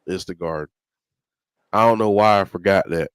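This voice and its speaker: A man co-hosting a wrestling watch-along in a low, smooth voice. The sound is close and dry, and he chats in an easy way, chiming in with memories and quick agreement. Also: no echo. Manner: relaxed, chimes in with agreement and recollections. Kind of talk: casual chat.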